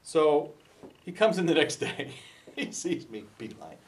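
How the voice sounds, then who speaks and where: Animated man telling stories from afar. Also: unhurried, distant mic, slight background noise. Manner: lively storytelling, acting out dialogue with raised pitch. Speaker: speaker at a talk. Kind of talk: storytelling talk.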